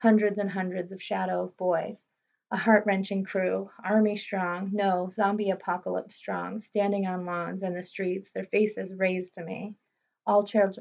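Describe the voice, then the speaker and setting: A woman reading a first-person novel aloud in a steady, understated way. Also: mid-range voice, vocal fry. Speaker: audiobook reader. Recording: slightly muffled recording.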